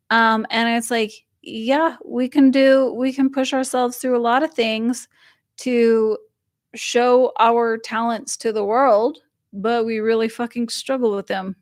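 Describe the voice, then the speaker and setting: A woman's voice: a little high, level tone, a little slow, dry recording, clean studio sound. A young woman hosting a livestream, chatting casually and rambling with fillers while reading viewer comments aloud. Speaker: livestream host reading chat. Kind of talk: casual chat.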